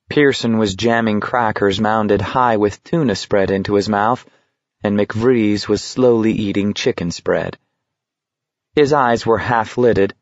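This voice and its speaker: Male audiobook narrator, low, dry voice, dull recording. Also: no room sound. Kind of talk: scripted narration. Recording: dull, slightly muffled.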